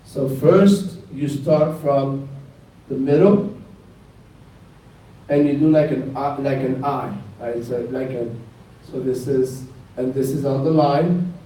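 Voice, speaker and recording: A man's voice: mid-range voice, slow, long pauses, dark tone. A man with a Northeastern US accent teaching Arabic letters in a classroom, calling out letter names for students to repeat. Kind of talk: classroom lesson, slow and repetitive. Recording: echoey room picked up from a distance.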